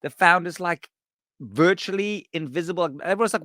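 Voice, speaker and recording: A man hosting a podcast, telling a story in a casual, animated way, swearing and acting out what people said. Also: medium pitch, normal speed, no echo, studio quality. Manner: animated, swearing, acts out quoted voices. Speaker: podcast host.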